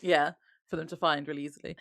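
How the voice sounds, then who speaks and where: A woman's voice: low-pitched, level tone, fast talker, gravelly, fairly bright tone, no echo, studio quality. A woman co-hosting a podcast, recapping a TV episode in casual chat and laughing often as she retells scenes. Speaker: podcast co-host.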